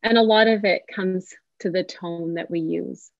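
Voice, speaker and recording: A woman, a therapist, leading an online parenting workshop in a gentle, inviting way. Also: on the low side, normal speed, vocal fry, no room sound. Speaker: social worker and psychotherapist leading a workshop. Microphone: video call. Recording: dull dry video call audio.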